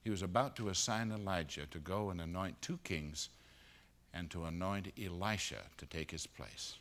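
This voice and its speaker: A man preaching a sermon at a conference, moving between loud emphatic peaks and hushed low passages. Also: moderate pace. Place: conference auditorium.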